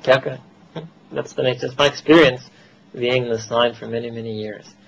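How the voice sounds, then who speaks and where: A man's voice: medium pitch, steady tone, a little fast, creaky, fairly bright tone, highs cut off. A man with an American accent giving a religious lecture to a gathering, conversational, slipping into Urdu phrases and laughing at his own asides. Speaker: Islamic teacher.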